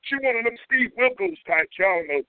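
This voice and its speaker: A man with a very high, shrill voice rants loudly and profanely, breaking into whooping shouts. He hosts a call-in comedy show. The sound is a thin, tinny phone line, very dry, with faint music behind. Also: animated, moderate pace, dry recording. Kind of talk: comedic call-in radio rant.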